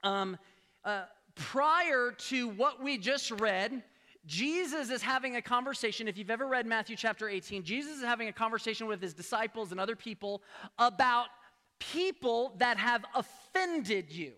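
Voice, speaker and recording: High-voiced pastor preaching in a reverberant hall. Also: male voice, normal speed. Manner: animated storytelling, acts out quoted dialogue; frequent restarts and repeated words. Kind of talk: sermon.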